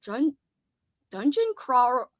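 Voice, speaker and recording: A woman's voice: sits high, very animated, drawn-out words, no echo. A young woman hosting a casual livestream, chatty and giggly, reading out chat messages and laughing often. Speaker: livestream host.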